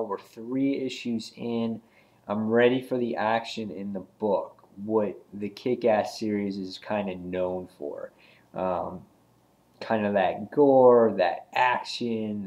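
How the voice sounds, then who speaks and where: A man's voice: on the low side, darkish tone. A man giving a casual spoken comic book review, rambling with frequent ums and restarts.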